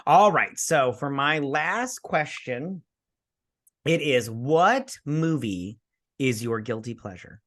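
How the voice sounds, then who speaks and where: Male podcast co-host, casual chat, laid-back, gushing, mid-pitched voice. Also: lively intonation, slow, a bit bright.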